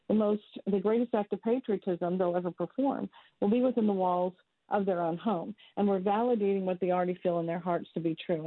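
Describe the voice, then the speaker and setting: A woman's voice: medium pitch, dry recording. A woman in her fifties, a guest founder speaking earnestly and emphatically in an interview. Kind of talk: interview, advocacy talk. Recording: tinny phone-like line, dry.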